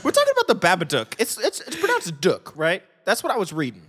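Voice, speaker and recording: A man with a high voice that swings widely in pitch, chatting on a podcast. He is playful, loves wordplay, and keeps the banter light. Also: huge pitch swings, fast talker, fairly bright tone, slightly rough. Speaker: podcast co-host. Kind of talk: casual podcast chat.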